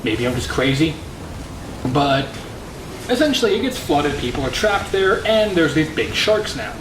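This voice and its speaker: A man's voice: fairly high pitch, sing-song, normal speed, reverberant, noisy background. A man from Canada hosting a casual movie review, rambling and correcting himself with jokey asides.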